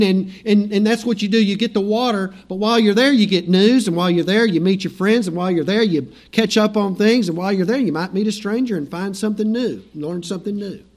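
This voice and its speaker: Preaching in a relaxed, storytelling manner, this middle-aged man voices the words of biblical characters as he goes. His pitch is high and his tone a little mellow.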